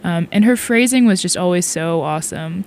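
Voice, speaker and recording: Chatty young woman DJ, lowish voice. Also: normal speed, a little mellow, slight background noise. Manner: rambling, chatty, laughs often. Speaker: college radio DJ. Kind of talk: casual radio sign-off chat.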